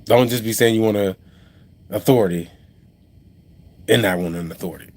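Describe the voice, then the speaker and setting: A man's voice: fairly low pitch, normal speed, darkish tone. A man who drives a truck and owns a trucking company, telling a story on a casual live stream, rambling with many restarts and asides to viewers.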